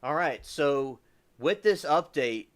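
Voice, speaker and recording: A man's voice: a little high, animated, slow. A man hosting a livestream, giving casual news commentary in a rambling way and often correcting himself. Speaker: livestream host.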